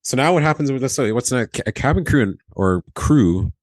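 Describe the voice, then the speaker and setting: A man at medium pitch and fairly quick pace, once a flight attendant, casually relates a story on a podcast with no room sound. He plays out the quoted dialogue with animation and laughs often.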